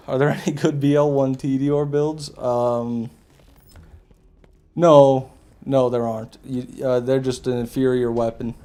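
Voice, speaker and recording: Mellow-voiced, foul-mouthed gaming streamer. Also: male voice, medium pitch, little pitch movement, measured pace, pauses often, clear, resonant tone. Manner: profane, joking, laughs at his own jokes; chats with viewers while playing. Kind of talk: casual live gameplay commentary.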